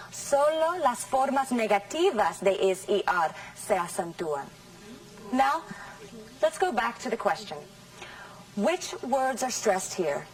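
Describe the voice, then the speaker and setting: A woman teaching English in a scripted classroom lesson, saying model sentences slowly and carefully. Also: fairly high pitch, distant mic, low-quality recording. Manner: slow, careful, over-articulated model sentences.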